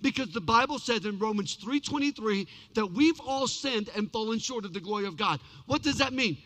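A man with a very high, bright voice preaches in a church sanctuary, telling his story with big swings between shouted peaks and hushed lows. His words ring out with a long reverb that fills the hall. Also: lively intonation, brisk. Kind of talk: sermon.

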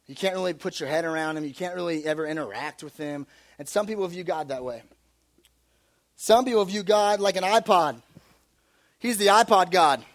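Young guy preaching to a youth group, pretty high voice, super casual, acts stuff out. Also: normal speed. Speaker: youth pastor. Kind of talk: youth sermon.

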